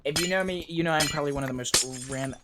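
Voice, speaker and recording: A man's voice: on the high side, quick pace. A young man chatting casually while streaming a video game, rambling off on tangents with a self-deprecating streak. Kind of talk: casual gaming stream chat. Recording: loud game noise behind voice. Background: loud game sounds.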